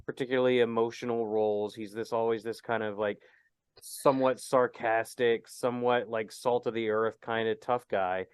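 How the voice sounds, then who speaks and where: A man hosts a casual podcast chat in a smooth, even-toned voice. He teases his co-host and rambles through his points with plenty of fillers. The sound is dry and close, with no room around it. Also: medium pitch, normal speed, no room sound. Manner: joking, teasing, rambling with fillers.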